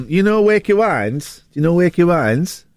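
A man's voice: high-pitched, very animated, unhurried. A man hosting a casual breakfast radio show, chatting playfully. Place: radio studio. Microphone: studio mic.

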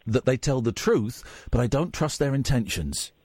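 Husky, deadpan radio host. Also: male voice, medium pitch, moderate pace, dry recording. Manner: deadpan, absurd needling. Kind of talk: provocative talk radio.

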